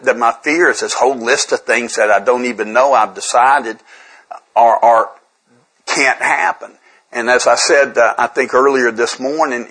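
A man's voice: medium pitch, a bit bright, slightly rough, rough recording. A man speaking candidly to a recovery group in a conversational, self-deprecating way, often repeating words as he restarts his sentences. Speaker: speaker sharing at a twelve-step recovery workshop.

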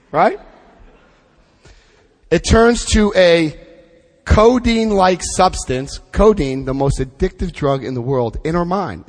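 A middle-aged man giving a personal recovery testimony to an audience, telling his story with dramatic pauses. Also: on the high side. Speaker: recovery speaker. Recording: hall reverb.

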